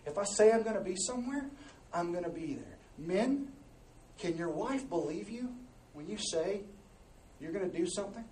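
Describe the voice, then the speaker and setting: Heard from afar in a reverberant church hall, with faint ambience and a little hiss or hum, a high-voiced pastor delivers a sermon at a moderate pace. He's lively and conversational, moving from hushed asides to forceful, loud exhortations.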